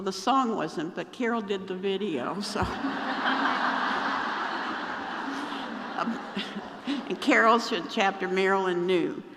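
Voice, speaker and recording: An event organizer giving closing remarks in a hoarse voice that is giving out, pausing to cough. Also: medium pitch, heavy background noise. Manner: slow and gravelly, pausing to cough. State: hoarse, losing voice. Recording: reverberant hall.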